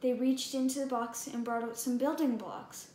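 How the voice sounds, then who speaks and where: A woman reading a picture book aloud in an expressive, deliberate way. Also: high-pitched. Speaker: storybook reader. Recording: echoey room, faint background hum.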